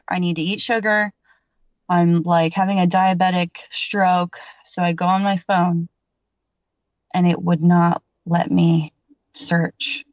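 A woman's voice: fairly low pitch, no room sound. A woman telling a personal story as a podcast guest, rambling and emphatic, with lots of filler words and casual swearing. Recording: dull, dry lo-fi recording.

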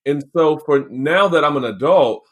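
A man co-hosting a podcast in casual chat, playful, with quick agreeing interjections. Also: a little high, animated. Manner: chatty, quick affirmations, playful. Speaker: podcast co-host.

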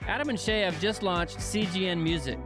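A man's voice: high-pitched, brisk, music in the background. Upbeat joking male podcast host. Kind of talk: casual podcast interview. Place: sitting on couches indoors. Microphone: microphone held close on mini tripod.

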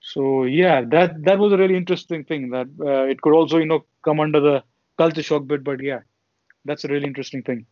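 A man's voice: a little high, fairly even intonation, a little fast, a little mellow, no room sound. A young man from India co-hosting a podcast, chatting casually with long, meandering explanations. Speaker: podcast co-host. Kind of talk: casual chat. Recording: dull lo-fi sound.

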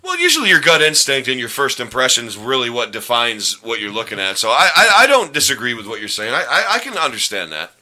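A man hosting a relaxed podcast with a bright, sharp voice that swings up and down as he talks. He rambles, jokes and tends to trip over his words while he keeps the chat going. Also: medium pitch, quick pace, hardly any pauses. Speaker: podcast host. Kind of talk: casual chat.

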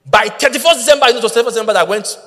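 A man preaching a sermon, telling a story with lively acted-out voices and shouting at the peaks. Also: very high-pitched, rapid-fire, in a large hall. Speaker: pastor.

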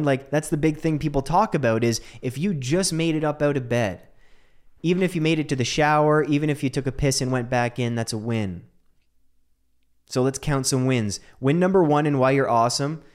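A young man from Canada hosting a casual monologue, joking and swearing, who jumps from hushed asides to high, incredulous outbursts. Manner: profane, joking.

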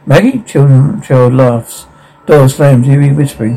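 Mellow-voiced man reading film captions. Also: medium pitch, steady tone, normal speed, soft background music, poor audio. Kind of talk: reading a film's captions and dialogue aloud.

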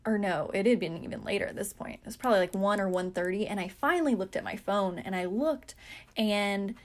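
A woman's voice: medium pitch, fairly quick. A young woman hosting a podcast, telling a story in a chatty, self-mocking way with lots of fillers. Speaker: podcast host. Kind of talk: casual storytelling.

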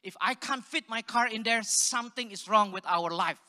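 A man's voice: high-pitched, normal speed, bright, forceful tone. A man from Singapore giving a sermon, telling stories animatedly and asking the audience questions. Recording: long hall reverb.

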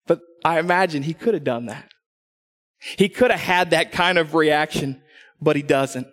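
A middle-aged man preaches to his church, acting out little quoted voices as he tells his stories. His voice sits a bit high, and a long reverb trails his words through the hall. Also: normal speed. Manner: animated storytelling, acts out quotes. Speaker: pastor. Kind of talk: sermon.

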